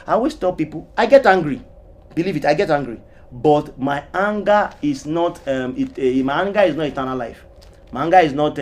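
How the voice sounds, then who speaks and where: A man preaching a sermon, with emphatic, sweeping swings of pitch, rhetorical questions, and scripture quotes stretched out slowly. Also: darkish tone. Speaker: pastor.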